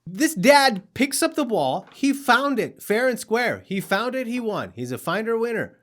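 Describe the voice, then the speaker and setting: A man's voice: extremely high pitch, big pitch swings, a little slow, fairly bright tone. A man hosting a comedy news show, telling a story with sarcasm and mockery. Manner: sarcastic, mocking, acts out characters.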